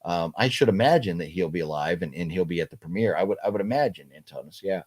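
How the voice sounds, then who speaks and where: A middle-aged man hosting a casual livestream chat, talking haltingly with many fillers and restarts while he reads out viewer comments. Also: sits low, animated, darkish tone, breathy edge. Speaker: livestream host.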